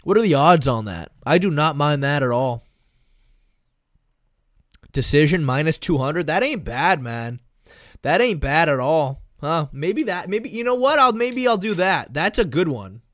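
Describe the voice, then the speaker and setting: A man's voice: on the high side, lively intonation, a little slow, a bit bright. A man streaming about MMA fights and betting, talking casually with chat in a rambling, repetitive way and swearing freely.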